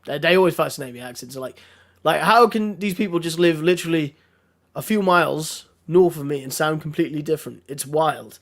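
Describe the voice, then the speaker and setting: A hoarse man chats casually as a podcast guest, rambling and laughing as he goes. His voice sits a little high and has a gravelly edge. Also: brisk. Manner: chatty, laughs often, restarts. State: hoarse from a throat infection. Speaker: guest streamer.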